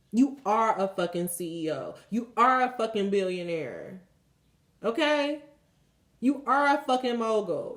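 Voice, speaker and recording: A woman's voice: high-pitched, reverberant. A woman tarot reader giving a blunt, emphatic spiritual pep talk and leading affirmations, swearing freely.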